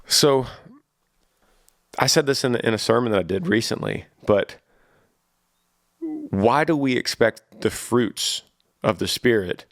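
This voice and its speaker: A man's voice: fairly low pitch, no room sound, clean studio sound. A man in his thirties hosting a faith podcast, answering listener questions in an earnest, preachy way and often repeating words as he thinks. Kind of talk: casual faith-based podcast talk.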